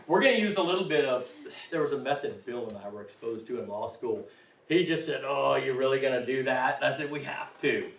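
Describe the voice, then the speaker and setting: A man's voice: medium pitch, expressive, normal speed. Chatty man teaching a class, distant. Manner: chatty, frequent "right?" check-ins, self-deprecating. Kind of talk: classroom instruction. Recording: roomy, distant, faint hiss.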